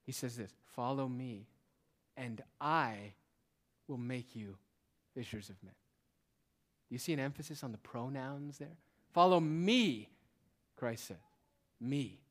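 Man preaching, hushed to raised. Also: medium pitch, a little slow, long pauses. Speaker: pastor. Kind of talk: sermon. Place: church.

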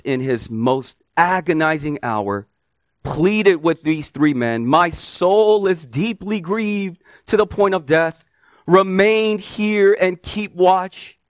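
A man's voice: mid-range voice, no room sound. A male preacher giving an expository sermon, earnest and emphatic, often asking rhetorical questions.

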